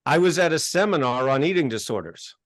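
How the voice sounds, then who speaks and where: Guy guesting on a podcast, fairly high voice, gets worked up telling his story, dry close sound. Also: fairly quick, no room sound. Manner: animated, gets worked up and acts out exchanges. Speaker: interview guest, self-help author. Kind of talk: casual interview storytelling.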